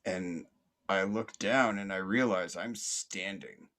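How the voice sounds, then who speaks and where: Slow, low-voiced man telling a rambling story. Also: a bit bright. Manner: rambling, full of fillers and restarts, swears freely. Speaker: podcast host. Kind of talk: casual storytelling.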